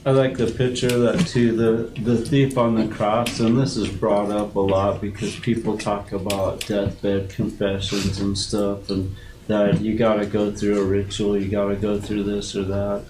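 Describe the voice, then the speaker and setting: A man's voice: lowish voice, level tone, a little slow. A man in a casual Bible study discussion, talking earnestly and emphatically and repeating words as he builds his point. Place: room at a group Bible study. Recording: echoey room with loud background noise.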